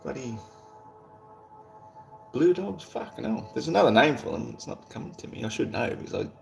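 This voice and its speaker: A man's voice: medium pitch, sing-song, normal speed, gravelly, faint music behind. An Australian man hosting a livestream, chatting casually and greeting viewers in a rambling, laid-back way with casual swearing. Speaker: livestream host. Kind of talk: casual chat while reading viewer comments.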